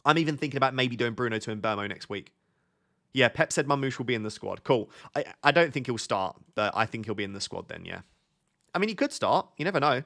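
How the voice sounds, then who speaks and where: A man's voice: mid-range voice, animated, fast, vocal fry, a bit bright. A man chatting casually on a live stream, reading out viewer questions and answering them. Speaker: fantasy football streamer.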